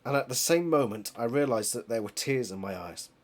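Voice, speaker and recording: A British man who reads a book series aloud speaks briskly in a mid-range voice with lively intonation. As he reads the novel, he breaks off into chatty, laughing asides and corrects himself along the way.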